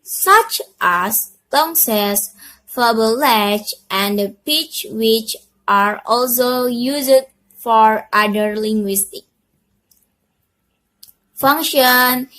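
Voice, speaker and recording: A young woman gives a class presentation in a fairly high voice. She reads slowly and haltingly, pausing on fillers and correcting herself as she goes. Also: fairly bright tone. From Indonesia. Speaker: student presenter.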